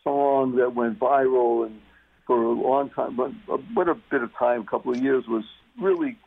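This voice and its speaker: Gravelly emphatic man on a phone line. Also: medium pitch, moderate pace. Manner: emphatic, repeats words for stress. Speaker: radio guest. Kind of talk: talk radio conversation. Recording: muffled phone-line radio sound.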